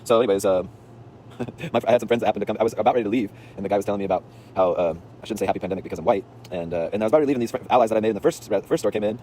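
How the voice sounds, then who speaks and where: A man's voice: lowish voice, very fast, mellow, a little hiss or hum. A man telling a story in a casual, rambling, slangy monologue, intense in delivery, recorded outdoors on a city street.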